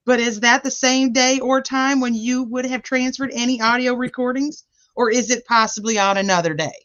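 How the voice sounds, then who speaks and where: Brief: woman voicing a defense lawyer, deliberate questioning, higher voice, dull lo-fi sound. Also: steady tone, a bit bright, close to an everyday voice. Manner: careful, deliberate legal questioning. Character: female defense attorney questioning a witness. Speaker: reader in a transcript read-through. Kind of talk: courtroom transcript reading.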